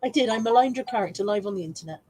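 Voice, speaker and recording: A woman's voice: lively intonation, very fast, darkish tone, poor audio. A woman hosting a casual live stream from home, reading viewer comments aloud and laughing easily. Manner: high baby-talk voice to her dog.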